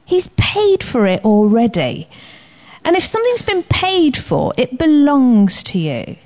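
Woman preacher, emphatic and commanding, high and lively pitch. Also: measured pace. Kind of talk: sermon. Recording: slightly dull lo-fi recording.

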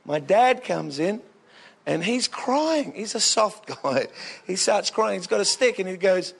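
High-voiced Australian preacher, joking storyteller. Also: male voice, a little slow, vocal fry, husky. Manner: animated, jokey, swings into bursts of excitement. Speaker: pastor. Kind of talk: humorous storytelling sermon.

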